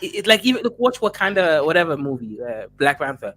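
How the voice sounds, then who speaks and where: A man's voice: fairly high pitch, sing-song, fast talker, fairly bright tone. A man from Nigeria hosting a casual group chat, joking and boastful in banter. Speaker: host.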